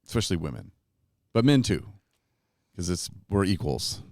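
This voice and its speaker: A man hosting a recovery podcast at a retreat, telling stories in a casual, animated way and laughing often. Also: sits low, normal speed, no echo, clean studio sound. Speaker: podcast host. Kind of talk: casual storytelling chat.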